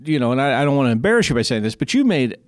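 Halting male interviewer. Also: mid-range voice, very animated. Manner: halting, repeats words, restarts. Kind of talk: interview questions.

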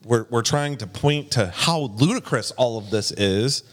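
A man's voice: medium pitch, expressive, measured pace, long reverb tail. A man co-hosting a casual political chat, emphatic and profane. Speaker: podcast co-host.

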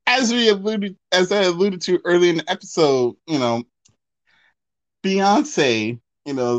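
Animated, chatty male podcast co-host. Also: medium pitch. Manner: animated storyteller, many restarts and fillers. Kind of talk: casual chat.

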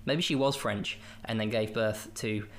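A man with a low-leaning voice talks at a measured pace while hosting a podcast. He rambles about a film in a loose, jokey way, clearly tickled by his own humor.

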